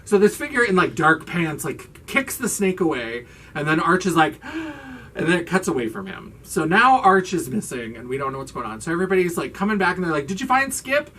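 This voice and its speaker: A woman hosting her channel, recapping a horror film in a casual, animated way and acting out the characters' lines. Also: low voice, brisk, few pauses, distant mic. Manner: animated, acts out characters' lines, swears for laughs. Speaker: host.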